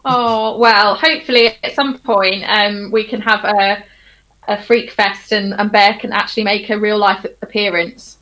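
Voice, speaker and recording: A woman's voice: medium pitch, flat delivery, a little slow, fairly bright tone. A woman co-hosting a casual chat show, laughing often and mocking herself, with some casual swearing. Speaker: co-host and singer.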